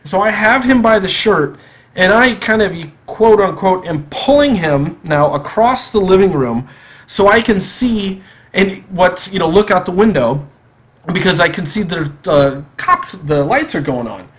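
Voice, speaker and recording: A man telling a personal story on a podcast in a casual, animated way, acting out the dialogue. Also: high-pitched, a little slow. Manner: animated, acts out quoted dialogue.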